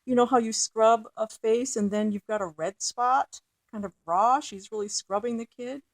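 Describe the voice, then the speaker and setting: Here a woman with a voice on the high side, recorded without room sound, reads a poem for a lecture. As a literature teacher, she goes on to explain the meter slowly, stumbling with frequent fillers and restarts.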